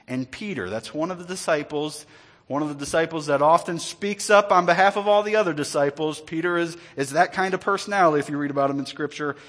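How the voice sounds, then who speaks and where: Męski kaznodzieja o swobodnym, gawędziarskim tonie. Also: male voice, a little high, fast, a bit bright. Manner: conversational, joking asides, repeats words. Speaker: pastor. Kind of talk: sermon.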